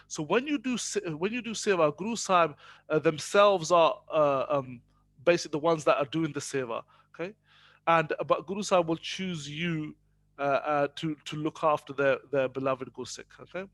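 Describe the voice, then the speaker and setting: A man's voice: on the high side, fairly bright tone, no echo. A man teaching a class on Sikh faith, hesitant with many fillers, switching between English and Punjabi.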